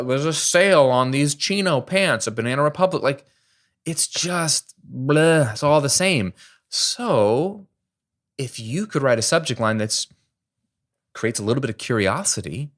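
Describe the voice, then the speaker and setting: A man speaking at an everyday mid-range pitch, coaching his viewers in a casual, chatty tone. He drives his points home with emphatic rhetorical questions. Now and then he slips in a self-deprecating aside. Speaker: online business coach. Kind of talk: casual teaching to camera.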